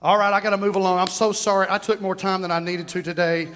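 A man's voice: sits high, quick pace, long reverb tail. A man, preaching a sermon in a church and calling the congregation to respond. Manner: animated preaching with call-and-response. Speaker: pastor. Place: church sanctuary.

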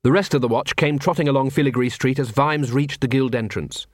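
A man narrating an audiobook in a wry, expressive storytelling manner. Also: medium pitch, a little fast, dry recording, clean studio sound. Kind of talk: scripted narration.

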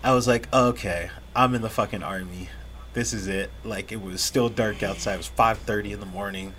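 A man's voice: on the low side, steady tone, brisk, slight background noise. A young man co-hosting a podcast, telling stories in casual chat, cursing freely and laughing as he goes. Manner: profane, laughing, acts out yelled quotes. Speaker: podcast co-host.

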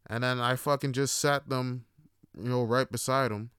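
Man, casual monologue, profane and rambling, smooth voice, dry close sound. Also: medium pitch, steady tone, fairly quick, bright, forceful tone, dry recording. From Toronto. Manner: profane, rambling storytelling with many fillers. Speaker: podcast host.

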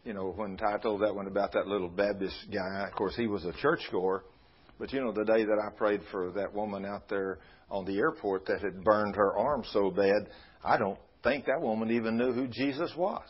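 A man's voice: fairly low pitch, moderate pace, husky, lo-fi sound. A man co-hosting a Christian talk show, chatting in a folksy way and praising God often.

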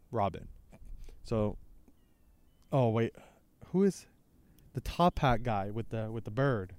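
A man's voice: medium pitch, a little slow, long pauses, a little mellow, no room sound. A man hosting a podcast, chatting casually through a comic chapter, rambling and trailing off on a close mic. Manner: rambling, reads dialogue aloud, trails off. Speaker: podcast host.

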